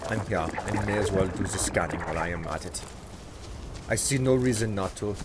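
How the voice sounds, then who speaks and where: A man's voice: sits low, a little fast, noisy background. A man streaming a video game live, joking around and talking casually to his chat. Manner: joking, chatty, talks to chat.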